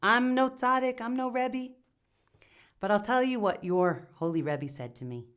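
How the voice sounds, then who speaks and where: Woman doing a young village man, guilt-ridden, confessional, stammers, high-ish. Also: lively intonation, a little slow, fairly bright tone. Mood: remorseful.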